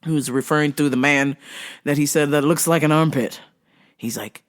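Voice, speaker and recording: A woman's voice: sits low, moderate pace. A woman hosting a casual vlog, telling a work story with frequent laughter and quoted voices. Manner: laughs often, animated, quotes others in voices. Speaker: host.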